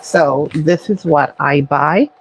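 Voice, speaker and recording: A woman with a low, gravelly voice talks slowly through a recipe in her home kitchen. She explains each step in an easy, unhurried way, like a cooking-channel host chatting with viewers. A faint hiss sits under the recording. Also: poor audio. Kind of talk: casual cooking vlog.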